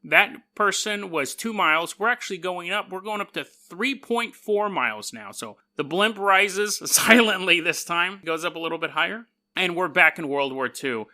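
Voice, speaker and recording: A man hosting a podcast, telling stories in a casual, joking way, laughing often and putting on quick voices for the people in them. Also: sits high, animated, sharp tone. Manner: laughs often mid-sentence. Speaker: podcast host. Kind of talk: casual storytelling monologue.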